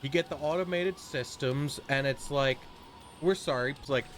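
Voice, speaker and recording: A man chatting through a game stream in a loose, rambling rant, swearing freely as he goes. His voice sits at a middling pitch. Soft music plays faintly under him. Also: moderate pace. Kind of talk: casual chat while streaming.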